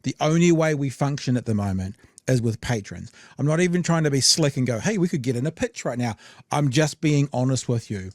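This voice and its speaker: A man's voice: medium pitch, animated, a little fast, dry recording, clean studio sound. Blunt New Zealand man hosting a podcast. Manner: blunt, rambling, many fillers. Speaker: podcast host. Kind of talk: casual political chat.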